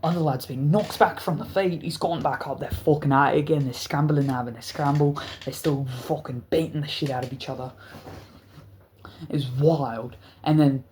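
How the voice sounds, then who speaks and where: Rambling, profane storyteller. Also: male voice, fairly high pitch, normal speed, darkish tone, slight background noise. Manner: rambling, profane, laughing storyteller with frequent restarts. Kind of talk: casual story narration.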